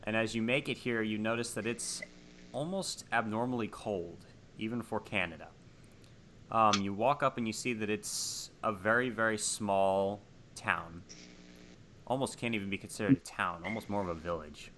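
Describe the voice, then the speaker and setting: A man with a lowish, bright, tense voice runs a tabletop horror game as game master. He talks in a relaxed, conversational way as he sets scenes for his players. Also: normal speed, a little hiss or hum.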